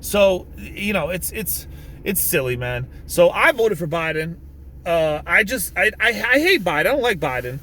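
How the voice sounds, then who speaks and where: A man's voice: high-pitched, sing-song, moderate pace, pushed and bright, a little hiss or hum. A man ranting casually to camera in a vlog, rambling with many restarts, swearing and bursting out emphatically. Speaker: vlogger. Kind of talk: casual political rant to camera. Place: in a vehicle.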